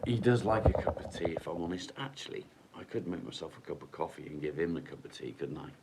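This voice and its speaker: A man's voice: a bass voice, animated, quick pace, vocal fry, noisy background. A man hosting a casual live stream at home in his kitchen, chatting bluntly, swearing freely and talking to his dog.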